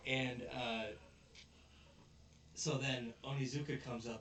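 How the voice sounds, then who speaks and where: A man's voice: medium pitch, fairly even intonation, slow, pushed and bright. A man casually retelling an anime episode as a show host, rambling and briefly putting on character voices. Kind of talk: casual recap chat. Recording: roomy, distant mic with faint noise.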